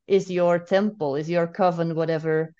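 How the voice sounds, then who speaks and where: A woman guest and spiritual mentor telling a story in a calm, steady way with a few restarts. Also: lowish voice, moderate pace, clear, resonant tone. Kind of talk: casual storytelling in conversation. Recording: dull, muffled remote audio.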